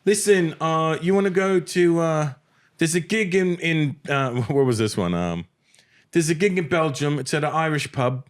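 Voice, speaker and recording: A man's voice: a little high, animated, moderate pace, pitched above the performer's own voice, natural voice. A man doing a runty, chummy booking agent. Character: runty little male talent agent.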